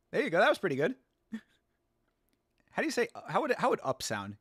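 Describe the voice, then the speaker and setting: Man, watch-along host, excitable fight reactions, frequent laughs, tense edgy tone, dry close-miked sound. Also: sits high, fairly quick, long pauses, dry recording. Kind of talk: casual live fight reaction commentary. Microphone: close to the mic.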